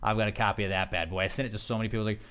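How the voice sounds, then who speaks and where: A man's voice: on the low side, steady tone, very fast, fairly bright tone, clean tone. A man hosting a podcast in casual chat, telling stories in a rambling way with a lot of laughter. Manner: rambling, laughing storyteller full of restarts. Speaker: podcast host.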